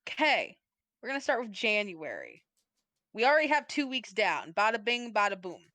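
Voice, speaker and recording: A woman's voice: medium pitch, sing-song, normal speed, bright, forceful tone, dry recording. Woman, podcast co-host, casual banter, playful, swears a lot, dry close mic. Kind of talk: casual chat. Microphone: desk mic, typing nearby.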